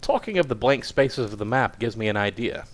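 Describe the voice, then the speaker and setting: A man's voice: lowish voice, animated, fairly quick, lightly acted. A man reading aloud voices a crabbed, kindly old male news editor in a fussy, paternal manner. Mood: musing, eager.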